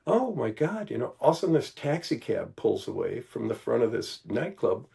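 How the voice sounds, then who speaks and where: An older man from Milwaukee, telling stories as a podcast guest in an animated, casual way, peppered with "you know". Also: mid-range voice, moderate pace, creaky, breathy edge. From Milwaukee, Wisconsin. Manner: animated, acts out quoted voices, many "you know"s. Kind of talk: casual storytelling.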